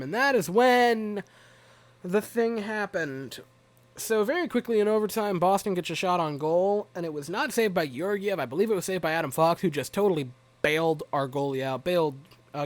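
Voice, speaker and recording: A man's voice: high-pitched, normal speed. A young man giving a rambling, wry, self-mocking recap of a hockey game as a fan vlogger.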